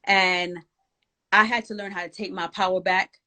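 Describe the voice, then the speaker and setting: A woman speaks in an inspirational conversation, her voice sitting at an ordinary middle pitch. She talks emphatically and encouragingly, with the cadence of someone exhorting a congregation. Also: fairly even intonation, normal speed, bright, forceful tone. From Jamaica. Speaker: guest, author.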